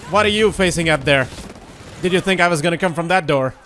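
A young man giving casual, excitable let's-play commentary while he plays, swearing and joking. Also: on the high side, fast talker, a little hiss or hum. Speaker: gaming YouTuber.

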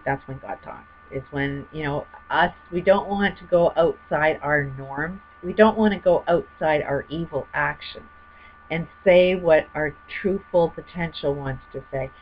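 Woman ranting about her life story, lowish voice, muffled lo-fi audio w/ faint hum. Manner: rambling, heated, frequent fillers. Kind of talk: personal testimony monologue.

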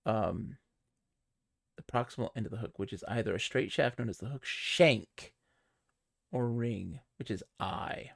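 A man's voice: fairly low pitch, a little slow, creaky, long pauses, dry recording, studio quality. A man streaming a text adventure, thinking aloud with lots of hesitation and wry jokes. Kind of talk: casual chat while playing a game.

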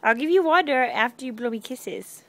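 A woman's voice: sits high, animated, moderate pace, fairly bright tone, a little hiss or hum. A mother filming a home video on an outdoor lanai, coaxing her toddler in a playful sing-song way to blow kisses and say bye-bye. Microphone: handheld camera.

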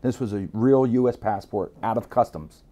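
A middle-aged Miami man with a lowish voice speaks at normal speed, casually telling a story as an interview guest. He's profane and street-savvy, animatedly mimicking the voices of the people he describes.

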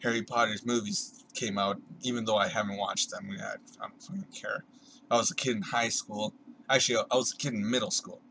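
A young man with a bright, forceful voice rants casually to the camera, sarcastic and full of swearing. He slips into mimicking other people's voices mid-rant. Faint ambient noise sits under the recording. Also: lowish voice, fairly even intonation, fairly quick, gravelly, poor audio. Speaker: vlogger.

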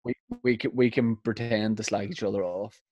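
A man's voice: on the low side, fairly even intonation, normal speed, darkish tone, no room sound, dull audio. A man co-hosting a podcast, telling rambling stories in casual chat, swearing and laughing as he goes. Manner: rambling storyteller, swears, laughs mid-story. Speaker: podcast co-host.

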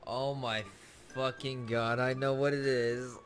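A man's voice: medium pitch, little pitch movement, unhurried, a bit bright. A man chatting with strangers on a video chat, giggling, teasing and swearing freely. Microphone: computer mic on video chat.

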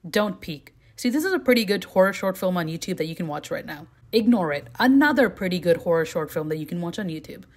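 A young woman who vlogs, running through quick, candid movie reviews in a casual, chatty way, full of "like" and "you know" and bursts of giggling. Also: on the low side, animated. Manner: bursts of giggling between opinions. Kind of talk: casual rapid-fire movie review chat.

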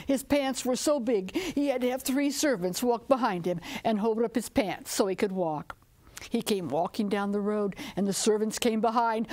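Expressive woman telling a folktale. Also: a little high. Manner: rhythmic, drawn-out, expressive storytelling with dramatic whispers. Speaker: storyteller and author. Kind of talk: storytelling a folktale.

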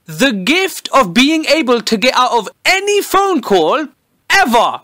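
Young guy, high and lively, cheeky sweary comic rant. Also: unhurried. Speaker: comedy YouTuber. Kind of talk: comedic monologue to camera.

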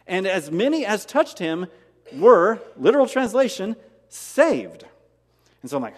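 A male pastor delivers a sermon with a lively, swooping delivery and a slightly high voice. He drives points home with rhetorical questions and repeated phrases. His voice carries a long reverb from the church hall. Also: unhurried. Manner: animated preaching with rhetorical questions and emphatic repetition. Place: church sanctuary.

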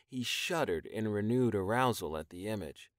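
A man reading an audiobook in even, measured scripted narration. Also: lowish voice, dry recording, studio quality.

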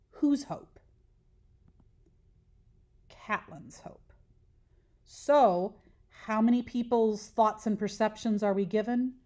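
A woman's voice: medium pitch, darkish tone. A woman teacher giving a recorded lesson, patiently explaining step by step and asking questions that she then answers herself.

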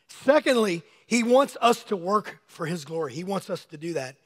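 A man preaching a sermon to his congregation in a conversational way, calling on people by name, a little hoarse as he is losing his voice. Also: sits high, expressive, moderate pace, hardly any pauses. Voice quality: slightly hoarse. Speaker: pastor. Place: church sanctuary.

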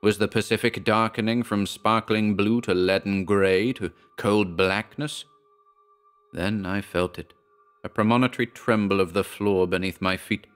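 A man narrating a horror story in the first person, measured and dramatic. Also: sits low. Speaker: audiobook narrator.

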